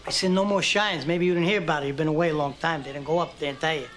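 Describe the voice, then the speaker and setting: A touchy young gangster, played by a man, talks in a cold, clipped and quietly threatening way. His voice sits high. Film music runs clearly underneath. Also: fairly even intonation, rapid-fire, lightly acted. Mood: menacing.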